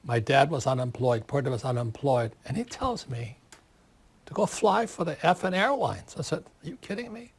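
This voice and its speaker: A man in his seventies, an author giving an interview, talking in an animated, forceful way and repeating words for emphasis. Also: medium pitch, normal speed, slightly rough. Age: 70s.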